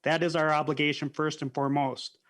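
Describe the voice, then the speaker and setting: A man's voice: fairly high pitch, level tone, brisk, a bit bright. A man, a state legislator, arguing firmly in a committee hearing and pressing his points. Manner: firm, argumentative, repeats points.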